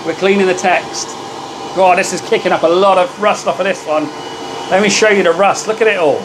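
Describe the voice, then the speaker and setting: A man's voice: sits high, steady tone, brisk, noisy background. A British man hosting a casual live stream from his workshop, chatty and upbeat, thanking viewers by name. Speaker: livestream host.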